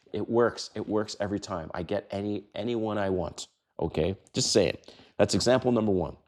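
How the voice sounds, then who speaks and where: A man in his fifties hosting a dating advice talk, brash and emphatic, who swears and acts out quoted lines in a higher voice. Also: measured pace. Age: 50s. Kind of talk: casual talking-head advice monologue.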